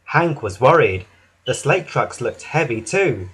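A man narrating a children's storybook in an expressive read-aloud way, with some restarts. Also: mid-range voice, measured pace, slightly rough.

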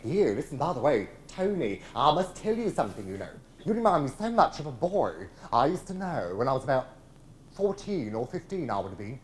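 A man's voice: medium pitch, very animated, fairly quick, slight background noise, voice pushed down, lightly acted. A man doing a camp gossipy lad. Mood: camp gossip. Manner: camp, chatty and teasing, swooping emphatic delivery. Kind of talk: one-man stage show monologue. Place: large theatre before a live audience. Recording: live theatre recording with audience laughter.

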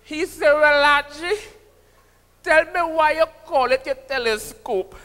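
A man doing a brash, shouting Trinidadian comic. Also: very high voice, measured pace, pitched above the performer's own voice, full character voice. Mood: boisterous. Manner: shouty, sing-song punchlines. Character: impression of a brash male comedian, loud and rhyming. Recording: live stage with long hall reverb.

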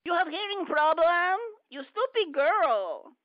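A woman's voice: very high-pitched, sing-song, takes it slowly, dry recording, full character voice. A woman putting on a broken-English foreign persona to taunt someone on a prank phone call. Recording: dull phone-line audio.

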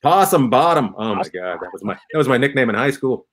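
A man's voice: on the low side, fast, fairly bright tone. A man hosting a casual comedy game show over a video call, playful and teasing, swearing freely. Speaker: host.

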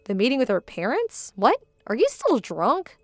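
Woman doing a fed-up fiancée, cool and measured, bit higher voice, dry close mic. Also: wildly swooping pitch, no room sound, faint music behind. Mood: indignant. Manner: measured, indignant, cold. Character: young bride-to-be, hurt and firm. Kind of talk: dramatized story voice acting.

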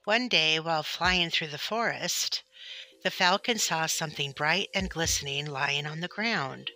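A woman narrating a children's story in a gentle, deliberate way. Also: low voice, no echo. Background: soft background music.

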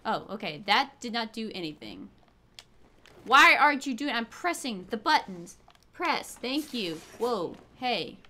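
A woman host giving casual, excitable let's play commentary, chatty and swearing freely. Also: fairly high pitch, unhurried. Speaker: gaming video host.

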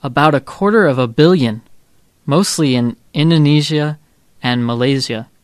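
A man's voice: on the high side, moderate pace, no room sound, studio quality, lightly acted. A man playing a father who patiently answers his child's homework questions in a scripted textbook dialogue. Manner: calm, patient explaining. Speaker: textbook audio actor.

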